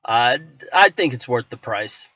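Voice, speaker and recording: A man giving a relaxed, conversational voice-over food review, with self-corrections along the way. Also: medium pitch, measured pace, slight background noise. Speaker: vlogger host. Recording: dry, muffled lo-fi voice-over.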